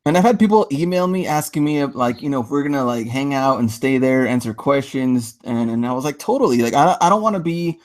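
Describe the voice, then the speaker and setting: A man's voice: mid-range voice, brisk, hardly any pauses. A man co-hosting a casual podcast in a laid-back way, laughing often and saying "like" a lot. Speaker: podcast co-host.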